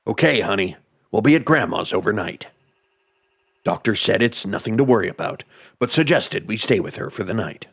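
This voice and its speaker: A man voicing a worried mother in a gruff, clipped military colonel voice. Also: on the low side, animated, normal speed, fairly bright tone, pitched below the performer's own voice, exaggerated voice. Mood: reassuring.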